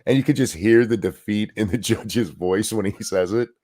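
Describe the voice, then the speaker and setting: A low-voiced man hosts a casual chat show, unhurried and loose, telling stories with plenty of swearing. He sounds sore and short on sleep. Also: a little mellow. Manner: laid-back storytelling, swearing freely. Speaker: podcast host.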